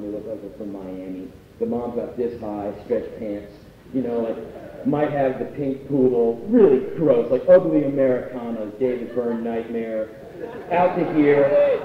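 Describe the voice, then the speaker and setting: A man's voice: medium pitch, slight background noise. A man performing live spoken word, telling a story in a blunt, profane, conversational way. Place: university union hall, live stage. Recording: distant echoey hall, dull live tape.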